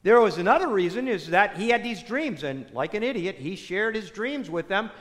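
High-voiced pastor preaching conversationally. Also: male voice, lively intonation, moderate pace, fairly bright tone. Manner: conversational, full of "you know" asides. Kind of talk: sermon. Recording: echoey hall.

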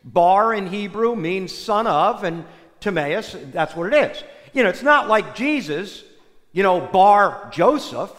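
A man preaching a sermon, telling stories in an animated way that swings between loud and soft. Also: high-pitched, a little slow. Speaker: priest. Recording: long hall reverb.

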